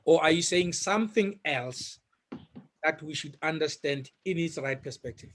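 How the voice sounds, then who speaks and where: A South African man moderating a Q&A, asking questions in a deliberate, hesitant way. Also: fairly high pitch, a bit bright.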